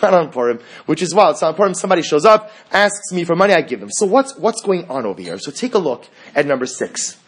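A man teaching a Torah class, quoting Hebrew sources and translating them in a lively lecturing way. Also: on the high side, fast, hardly any pauses, breathy edge. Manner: animated, quotes Hebrew texts and translates them.

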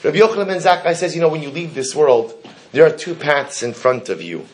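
A man's voice: fairly high pitch, lively intonation, fairly quick. Man teaching a Talmud class. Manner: chants the Hebrew text, then explains it in English; asks the class questions. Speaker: Torah teacher.

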